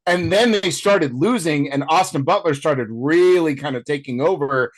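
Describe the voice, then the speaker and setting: A man's voice: fairly high pitch, moderate pace. Chatty man on a film chat. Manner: chatty, many "like" fillers and restarts. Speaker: film podcast co-host. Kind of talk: casual chat.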